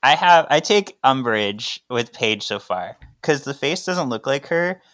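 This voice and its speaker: A man's voice: mid-range voice, lively intonation, unhurried, fairly bright tone, dry recording. Guest guy, swears a lot, laughs while griping, voice jumps all over, dry mic. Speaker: podcast guest. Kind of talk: casual chat about comics.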